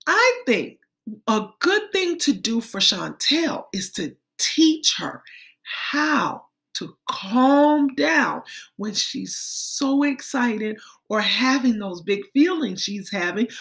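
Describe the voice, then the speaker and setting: A woman teaching a lesson for young children as a kindergarten teacher, gentle and sing-song, calling the children friends. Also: high-pitched, big pitch swings, slow pace, creaky.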